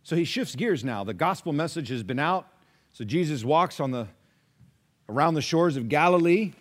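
A man preaching a sermon, conversational and dynamic, swinging between loud emphatic lines and hushed asides while acting out listeners' replies. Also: a little high, expressive, normal speed. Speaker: pastor.

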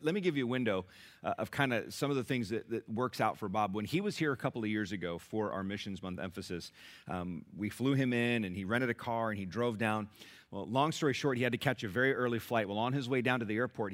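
A man pastor telling a lively story to his church, then leading an earnest prayer. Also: medium pitch. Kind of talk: sermon and congregational prayer.

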